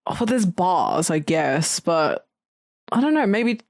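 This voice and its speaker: A woman's voice: on the low side, sing-song, takes it slowly, creaky, no room sound, studio quality. A woman co-hosting a podcast, speaking in an enthusiastic, hesitant way with many fillers. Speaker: podcast co-host. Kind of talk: casual film-recap chat.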